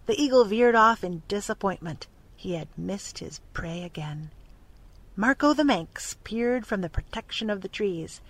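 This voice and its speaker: A woman children's librarian reading a storybook aloud, calm and expressive. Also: mid-range voice, a little slow.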